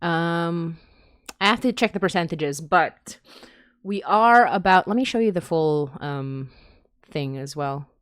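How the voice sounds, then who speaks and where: A woman's voice: fairly low pitch, animated, measured pace, clear, resonant tone, dry recording, studio quality. A young woman hosting a fundraising stream in casual, giggly, rambling chat. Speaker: podcast host on a fundraising stream.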